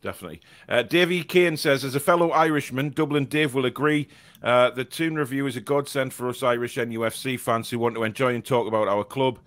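A man hosting a live football fan show, with a bright, forceful voice at a middling pitch. He chats casually and laughs often, stumbling through fillers and restarts as he reads out viewer comments. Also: brisk. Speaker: fan podcast host.

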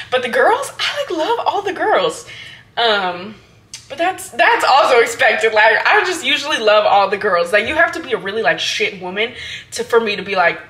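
A woman's voice: a little high, pushed and bright. Chatty young woman vlogger, lots of fillers. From Hawaii. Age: 20s. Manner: chatty, filler-heavy, frank with casual swearing. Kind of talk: casual chat to camera.

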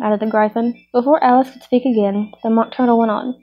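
A woman reading a storybook aloud in a steady storytelling manner. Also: on the high side, quick pace, few pauses, breathy edge, soft background music. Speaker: reader. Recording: muffled lo-fi recording.

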